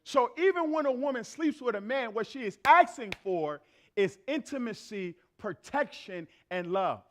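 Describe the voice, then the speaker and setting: Man, very high-pitched voice, church sermon, conversational, emphatic repetition, acts out everyday exchanges. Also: expressive, normal speed. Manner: emphatic, repeats phrases for effect. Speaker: preacher. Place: church in front of a congregation.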